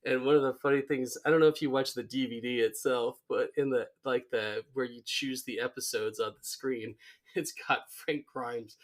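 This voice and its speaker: A man's voice: medium pitch, normal speed. A man co-hosting a podcast, chatting casually about a cartoon episode, acting out quotes and laughing often. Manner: animated, acts out character quotes, laughs often. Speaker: podcast co-host.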